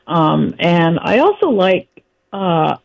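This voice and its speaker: A woman phoning in to a radio show, hoarse from a lost voice, eager and chatty with many fillers. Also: on the low side, very animated, takes it slowly. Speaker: caller. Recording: muffled phone call.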